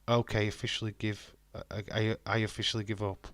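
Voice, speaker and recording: A man's voice: on the low side, flat delivery, brisk, fairly bright tone, no echo. A man hosting a live watch-along stream, chatting casually and joking as he reads out and answers comments from his viewers. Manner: joking banter reading out chat.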